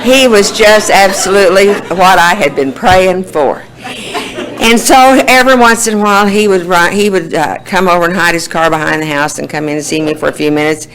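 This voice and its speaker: A woman's voice: on the low side, a little fast, fairly bright tone, some chatter behind, rough recording. A woman in her sixties with an Oklahoma accent, telling her life story in a folksy way at a recovery meeting, laughing often. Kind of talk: personal testimony.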